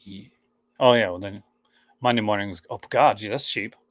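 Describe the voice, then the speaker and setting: A man's voice: lowish voice, steady tone, normal speed, no echo. A man from Newfoundland, co-hosting a live stream in a joking, casual chat full of fillers. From Newfoundland, Canada. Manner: joking, chatty, many fillers.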